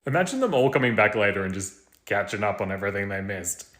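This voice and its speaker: Wry Australian man, low voice. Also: big pitch swings, quick pace, a bit bright, roomy sound. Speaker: content creator. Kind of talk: casual vlog commentary.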